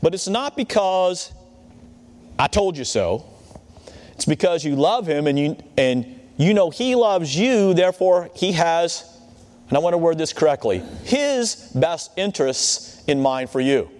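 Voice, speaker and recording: A man's voice: a little high, sing-song, measured pace, a little mellow. A man preaching a sermon in a conversational way, often checking in with his listeners. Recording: long hall reverb.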